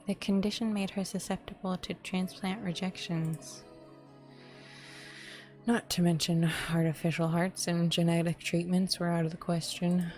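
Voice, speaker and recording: A woman voicing a gentle, hushed woman boss grieving her sister in a story game. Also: lowish voice, level tone, moderate pace, soft background music, natural voice. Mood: reminiscing.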